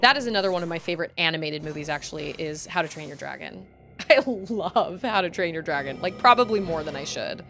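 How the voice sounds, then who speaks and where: A woman's voice: low-pitched, animated, a little fast, fairly bright tone, soft background music. A young woman streaming a video game, chatting casually and breaking into frustrated outbursts and groans at the game. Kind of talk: casual live-stream chat while gaming.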